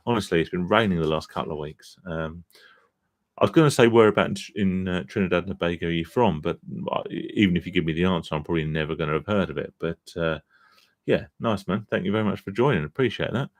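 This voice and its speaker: Speaking low and quickly with no echo, a man hosts a laid-back live stream about recovering from gambling. He's tired after a long day, chatty and self-deprecating, and swears casually while reading viewer comments.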